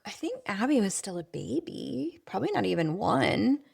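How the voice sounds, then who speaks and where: Gravelly-voiced woman telling stories. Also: mid-range voice, moderate pace. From small town. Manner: storytelling, animated, laughs often. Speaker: podcast co-host. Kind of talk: casual chat.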